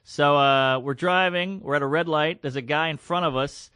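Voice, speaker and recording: A comedian man on a podcast with a bright, forward voice that sits a little high, recorded dry and close. He tells blunt, animated stories and acts out the people in them. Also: normal speed, clean tone, no room sound. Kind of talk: casual chat, storytelling.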